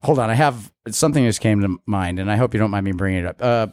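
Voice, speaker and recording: Male podcast host, animated rambling storyteller, low lively voice, dry sound. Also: fast, no room sound. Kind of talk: casual chat.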